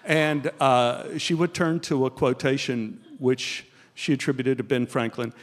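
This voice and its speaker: An older man from Texas telling a comic personal anecdote as a guest, animated and chuckling as he talks. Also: mid-range voice, measured pace, in a large hall. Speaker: guest storyteller.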